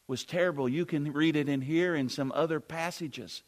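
A man's voice: a little high, moderate pace, hardly any pauses. A man preaching a sermon, retelling a Bible story earnestly and vividly with restarts.

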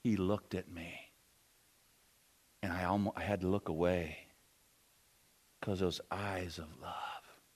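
A preacher playing the freed prisoner Barabbas, telling in first person in a low, near-whispered way. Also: male voice, fairly even intonation, slow pace, pauses often, husky, heavily acted. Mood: awed, hushed. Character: Barabbas, released male prisoner, awed and humbled. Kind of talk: dramatized sermon retelling.

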